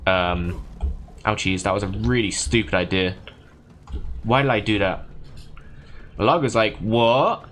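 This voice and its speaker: Man, streamer, casual gaming chat, rambling, self-correcting, low voice, faint keyboard typing. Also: a little slow, pauses often, fairly bright tone, slight background noise.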